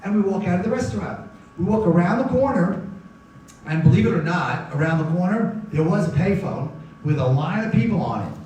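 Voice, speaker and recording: Middle-aged male speaker, higher voice, animated storyteller who acts out every exchange; echoey hall, picked up from a distance. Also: brisk, slight background noise. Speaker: guest speaker. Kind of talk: live storytelling talk. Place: large synagogue hall. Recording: echoey hall, mic from far.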